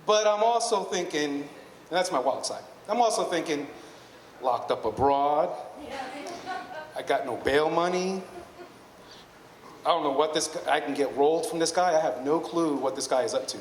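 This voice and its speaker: A man's voice: fairly high pitch, a little fast. Chatty man telling a story in an echoey hall. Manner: rambling, self-correcting, chatty. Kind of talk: live storytelling to an audience. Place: hall at a live storytelling evening. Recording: echoey hall with long reverb, faint noise.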